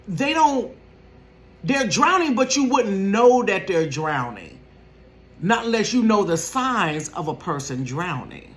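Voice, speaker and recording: A woman in her fifties telling a casual storytime vlog from her bedroom, animated and laughing, acting out quotes in a high voice and sometimes dropping to a whisper. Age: 50s. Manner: drops to a whisper at times.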